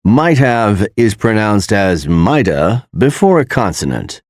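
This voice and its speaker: A man announcing textbook audio tracks and pronunciation notes in a slow, deliberate, instructional manner. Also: lowish voice, big pitch swings, no echo, studio quality.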